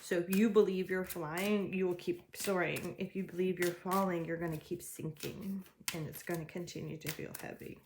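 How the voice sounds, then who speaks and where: A woman's voice: fairly low pitch, steady tone, normal speed, background noise. A woman giving a general tarot reading, talking in an encouraging, chatty way and laughing often. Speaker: tarot reader.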